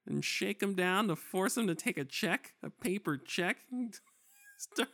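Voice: medium pitch, lively intonation, takes it slowly, vocal fry, a bit bright. A speaker in casual chat, backing up a friend's story with sympathetic jokes and exaggeration. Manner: joking, sympathetic, exaggerated banter.

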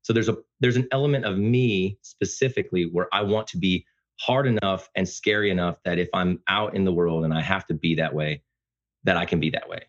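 A man talking casually as a podcast guest, speaking loudly and passionately with animated storytelling. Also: fairly quick, dull audio. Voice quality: loud booming voice. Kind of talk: casual conversation.

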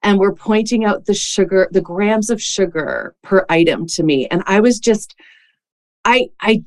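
A woman's voice: mid-range voice, expressive, unhurried, a little mellow. Chatty woman podcast host. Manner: chatty storytelling with many "like" fillers. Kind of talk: casual conversational interview.

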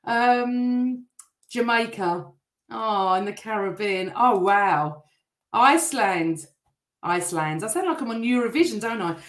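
A middle-aged woman hosting a live stream, chatting and greeting viewers by name while reading their comments, her voice still a little rough. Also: fairly high pitch, lively intonation, measured pace, reverberant.

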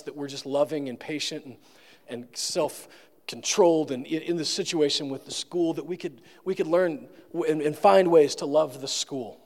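A man's voice: on the high side, darkish tone. A male pastor giving a sermon in a conversational manner, with joking asides. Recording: long reverb of a large room.

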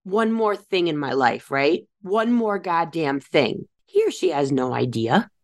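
A woman's voice: low voice, very animated, measured pace. Candid woman musing on parenting. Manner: candid and conversational, with self-corrections and rhetorical questions. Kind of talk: reflective personal monologue.

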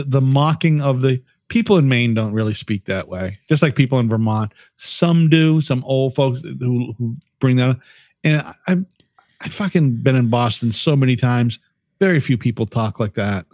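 A man's voice: medium pitch, normal speed, a little mellow, dry recording. A man co-hosting a podcast in casual, profane, rambling chat, often laughing. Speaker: podcast co-host.

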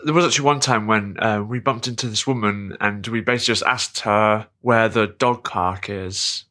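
A man's voice: lowish voice, normal speed, bright, forceful tone. A man co-hosting a podcast in casual chat, making wry, joking asides. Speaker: podcast co-host.

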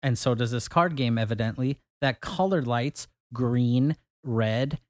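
A married man co-hosting a podcast, with deadpan, teasing banter. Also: mid-range voice, measured pace, no room sound, clean studio sound. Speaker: podcast co-host. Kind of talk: casual chat.

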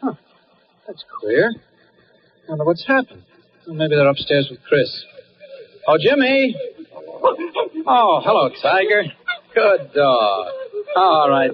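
A man's voice: sits high, heavily acted. An actor playing Superman in his everyday guise, urgently coaxing a dog to lead him, in 1940s radio acting on a muffled old recording. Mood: puzzled. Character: Superman as Clark Kent, adult man, earnest hero.

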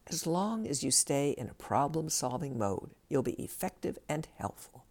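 A woman's voice: low-pitched, animated, measured pace, creaky, dark tone, breathy edge. A woman hosting a self-help podcast, giving direct, coaching advice from a script and acting out bits of dialogue.

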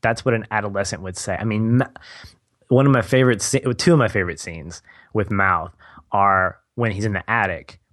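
A man's voice: lowish voice, normal speed, a bit bright, no echo, studio quality. A man co-hosting a podcast, enthusiastically recounting favorite movie scenes and teenage memories, laughing mid-sentence. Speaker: podcast co-host. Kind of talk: casual movie discussion.

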